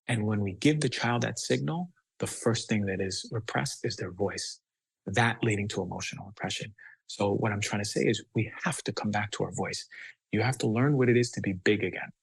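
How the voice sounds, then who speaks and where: Gravelly, emphatic man. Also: lowish voice, brisk, no echo, low-quality recording. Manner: emphatic, acts out children's voices. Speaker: guest doctor. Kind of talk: passionate podcast talk.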